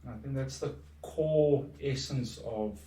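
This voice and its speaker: A middle-aged man talks through his story on a podcast in a reflective, earnest way, often restarting his sentences. His voice sits at an ordinary pitch. The room is echoey and he sounds a bit away from the microphone. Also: measured pace, warm tone. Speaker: podcast guest. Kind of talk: casual conversation. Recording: echoey room, distant from mic.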